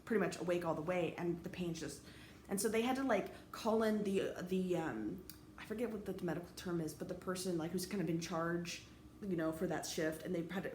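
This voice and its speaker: A woman's voice: on the low side, brisk, darkish tone, a little hiss or hum. Chatty woman telling a story in an echoey room. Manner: chatty, rambling, many fillers and restarts. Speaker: teacher. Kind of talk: casual storytelling.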